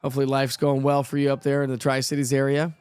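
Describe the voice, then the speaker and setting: A man's voice: medium pitch, monotone, fast, a little mellow, clear, resonant tone. A middle-aged man hosts a live weather stream, casually reading out viewers' comments and answering them. His speech is chatty and loose, with frequent fillers. The sound is dry and close, with no room echo. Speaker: weather show host.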